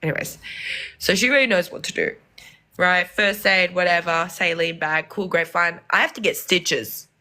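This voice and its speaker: Lively young woman telling stories. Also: on the low side, moderate pace. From Lebanon. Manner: animated, acts out voices in quoted dialogue. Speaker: podcast guest. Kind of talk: casual storytelling.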